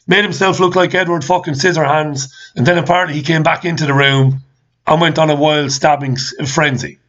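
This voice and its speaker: A man's voice: fairly high pitch, a bit bright. Ranting man, dull lo-fi sound. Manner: exasperated, repeats questions, swears. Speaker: host. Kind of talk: ranting commentary.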